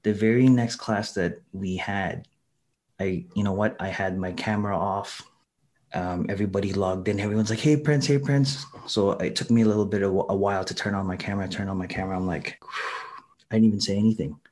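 A man telling stories in casual conversation as a guest, animated and humorous, acting out what people said, with frequent restarts. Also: low voice, fast talker. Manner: animated, acts out quoted dialogue with humor. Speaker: guest, college instructor.

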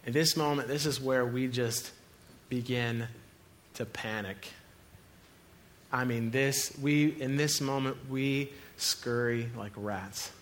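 A male pastor preaching a sermon, animated, swinging between loud cries to God and quiet, low passages. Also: a little slow, few pauses, a little hiss or hum.

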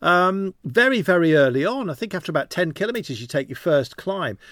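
A man's voice: sits high, big pitch swings, a little fast, a bit bright, no echo, clean studio sound. A man who works as a cycling commentator, chatting casually in a rambling, anecdotal way with self-deprecating humour. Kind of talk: casual interview chat.

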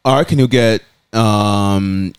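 A lower-voiced Australian man who rambles his way through his football predictions. He is recorded dry and close-up. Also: slow pace, clean tone, no echo. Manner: loose, rambling with fillers. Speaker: podcast co-host. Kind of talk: casual football chat.

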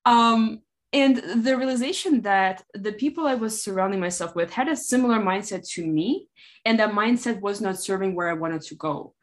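A woman's voice: mid-range voice, moderate pace. A woman speaking in an earnest, heartfelt way about personal growth in a podcast conversation, often restarting her sentences. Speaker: author and podcast regular. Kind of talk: motivational conversation.

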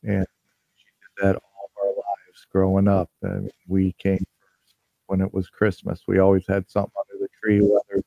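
A man with a low, mellow voice gives a casual holiday message as a podcast host. He talks haltingly, full of pauses and restarts, and sounds emotional. The recording is close and dry. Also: monotone, vocal fry, no room sound, dull audio. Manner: halting, hesitant, many fillers and restarts.

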